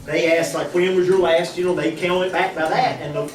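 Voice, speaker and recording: Recorded from far off in an echoey room with a crowd and slight background noise, a husband gives his church testimony to the congregation. His voice sits high and moves a little fast as he animatedly acts out the dialogue he recounts.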